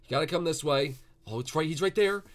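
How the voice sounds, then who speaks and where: A man hosting a Minecraft roleplay video, chattering excitedly and coaxing the game animals along. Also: a little high, quick pace. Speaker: gaming channel host.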